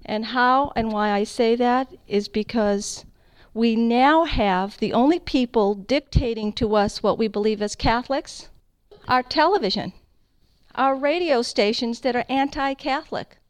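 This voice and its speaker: Middle-aged woman, fairly high voice, emphatic storyteller sharing her faith testimony with a crowd. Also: smooth, no room sound, low-quality recording. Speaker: founder of a Catholic radio ministry. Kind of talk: personal faith testimony to an audience.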